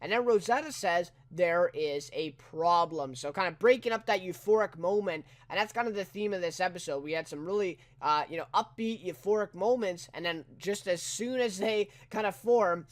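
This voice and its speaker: A man's voice: high-pitched, fairly quick, few pauses. A man giving a casual, rambling spoken review of a TV episode, full of "you know" and "right?" with incredulous asides.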